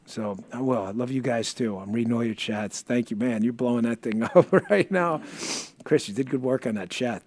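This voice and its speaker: A man hosting his own live-stream show, reading an ad and telling stories in an animated, emotional way while sniffling. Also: mid-range voice, a little fast. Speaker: podcast host. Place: studio.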